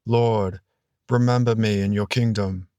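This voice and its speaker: Storybook figure: a repentant condemned robber, earnest and low-voiced, read by a male narrator. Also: fairly even intonation, measured pace, mellow, dry recording, studio quality, natural voice. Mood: pleading. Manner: earnest, rebuking then pleading.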